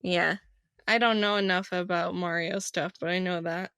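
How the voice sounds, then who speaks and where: A woman co-hosting a podcast in casual chat, wry and quick to laugh. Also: on the low side, steady tone, a bit bright, smooth, no echo, studio quality. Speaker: podcast co-host.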